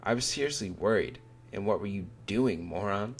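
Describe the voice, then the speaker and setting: A man's voice: fairly low pitch, expressive, normal speed, gravelly, slight background noise. A man reading as a stern scolding teen boy. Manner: read aloud from a manga, barely acted.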